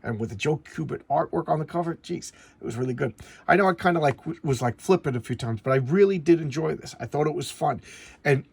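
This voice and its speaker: A middle-aged man casually reviewing an old comic book, rambling and animated, acting out bits of dialogue as he goes. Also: a little high, fast, creaky, breathy edge.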